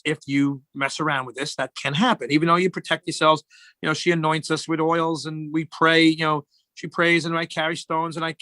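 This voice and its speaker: A man's voice: fairly high pitch, sharp tone, dry recording. A middle-aged man, a guest in casual chat, telling rambling joking stories.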